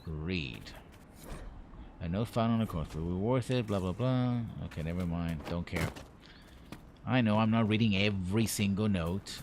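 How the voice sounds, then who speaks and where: A man's voice: sits low, normal speed, a little mellow, a little hiss or hum. A man streaming a game live, rambling to himself with jokey asides and puns as he plays. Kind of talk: live gameplay commentary.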